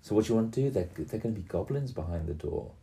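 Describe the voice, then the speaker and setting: A man in his fifties narrating a tabletop game for a small child in a slow, gentle storytelling voice, often pausing to ask her questions. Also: fairly low pitch, animated, vocal fry. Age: 50s. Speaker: game master.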